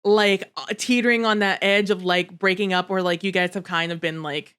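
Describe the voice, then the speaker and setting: A woman with a smooth, clear voice co-hosts a casual book podcast. She talks in an animated, chatty way, slips into the characters' voices to act out their lines, and swears without fuss. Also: fairly low pitch, normal speed. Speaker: podcast co-host.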